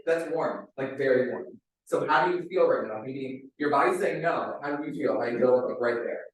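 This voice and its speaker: A man's voice: mid-range voice, fairly quick, a little hiss or hum. A man coaches a group through a live demonstration, chatty and checking in with "right?" after his points. His voice bounces around a very reverberant room. He sounds some distance from the microphone. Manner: chatty, ends many phrases with "right?". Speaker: wellness coach leading a demonstration. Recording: very echoey room, mic far off.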